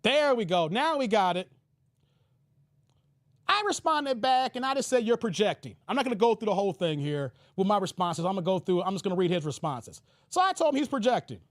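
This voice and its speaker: An American man hosts his channel, reading emails aloud on camera in a mocking, combative rant and repeatedly using the filler "here." His high voice is sing-song and fairly quick, captured in a dry, studio-quality recording.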